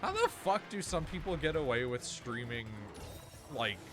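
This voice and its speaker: A man's voice: on the high side, sing-song, normal speed. A Canadian man from Ontario hosting a casual gaming stream, rambling and swearing as he interrupts himself. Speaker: streamer host.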